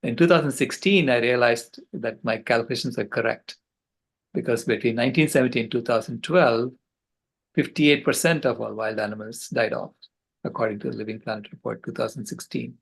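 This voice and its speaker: Older guy on a video call, gravelly husky voice, earnest and passionate, keeps restarting sentences. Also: mid-range voice, fairly even intonation, a little fast, rough recording. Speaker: conference speaker. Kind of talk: storytelling talk.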